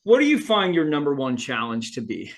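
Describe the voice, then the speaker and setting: A man hosting a podcast, asking relaxed open questions with a few fillers. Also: medium pitch, a little fast. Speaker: podcast host. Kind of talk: casual interview.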